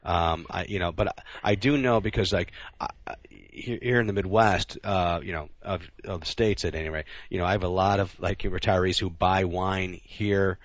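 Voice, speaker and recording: A man's voice: sits low, steady tone, moderate pace, hardly any pauses, no room sound, dull audio. A man co-hosting a casual podcast chat, rambling with many restarts. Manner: rambling, lots of restarts and fillers. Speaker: podcast co-host.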